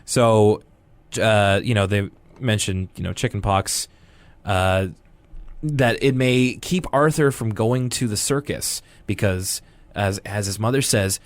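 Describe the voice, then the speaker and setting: A man's voice: fairly low pitch, slow pace, no room sound. A young man co-hosting a podcast, casually recapping a cartoon episode with jokes and rambling asides. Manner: rambling, joking, animated quoting. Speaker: podcast co-host.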